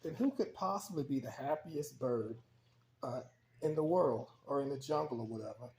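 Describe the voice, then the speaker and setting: A man's voice: mid-range voice, normal speed, darkish tone, echoey room, slight background noise, close to an everyday voice. A man voicing an unhappy, self-pitying male raven in a spoken story, plaintive and searching.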